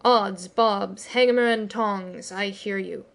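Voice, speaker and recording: A woman's voice: medium pitch, takes it slowly, gravelly. A woman voicing a cheeky boy who mimics a pirate captain in a bold, mocking way, in an audiobook reading.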